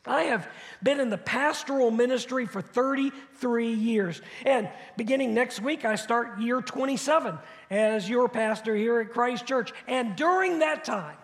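A man in his fifties preaching to his congregation in an easy, conversational way, leaning on rhetorical questions and repeated phrases. His voice sits unusually high for a man. The sound rings with the long reverb of a church sanctuary. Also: measured pace, vocal fry. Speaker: pastor. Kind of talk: sermon.

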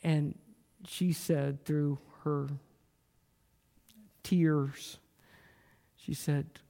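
A man preaching a sermon, telling a story in a slow, earnest way and dropping to a near-whisper at times. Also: on the high side, level tone, creaky, dark tone.

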